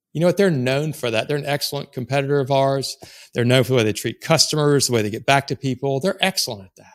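A man's voice: mid-range voice, fast talker. Blunt, cursing man coaching sales. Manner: blunt, emphatic, swears freely. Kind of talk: motivational coaching talk.

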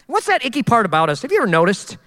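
A male pastor delivers a sermon with animated, conversational energy and a joking streak. His voice is high and bright for a man, and it carries a long reverb from a church hall. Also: rapid-fire.

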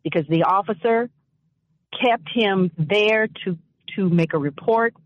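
On radio talk, a mid-range woman's voice tells a personal story and delivers impassioned commentary, repeating phrases with emphatic, deliberate speech. The recording is dry, carried in dull lo-fi radio audio.

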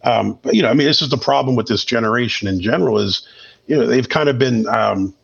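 Man, middle-aged, husky voice, blunt, opinionated, swears freely, dull lo-fi recording. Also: mid-range voice, quick pace. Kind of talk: casual conversation.

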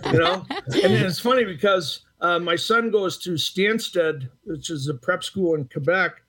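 A man's voice: high voice, a little slow, fairly bright tone. A man from the Boston area telling anecdotes in a casual interview, acting out quoted exchanges between filler-laden restarts. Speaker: retired hockey referee, guest.

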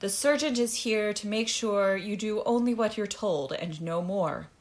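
A woman voicing a cold, commanding interrogator in a storybook reading, with a curt, lower, louder voice. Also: a little slow, close to an everyday voice.

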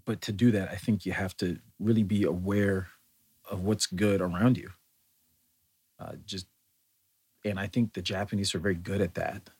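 A man's voice: sits low, slightly rough. An American man talking in a thoughtful, meandering way, with many fillers and restarts, in a reflective solo monologue. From United States.

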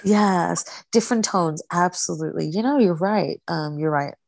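A woman chatting casually as a podcast guest, animated and laughing often, restarting her sentences as she goes. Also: fairly low pitch, moderate pace, gravelly, no room sound. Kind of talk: casual chat.

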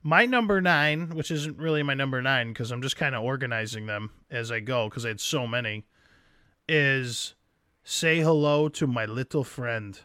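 Bright-voiced animated man chatting. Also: medium pitch, moderate pace, clean tone, no echo, studio quality. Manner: animated, acts out scenes in exaggerated voices. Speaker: podcast co-host. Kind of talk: casual chat.

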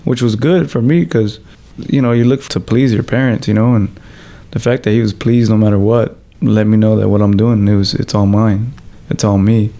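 Mellow-voiced man telling a story. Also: fairly low pitch, fairly even intonation, moderate pace. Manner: loose, swearing, heavy with fillers like "you know" and "like". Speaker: professional fighter. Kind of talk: casual storytelling interview.

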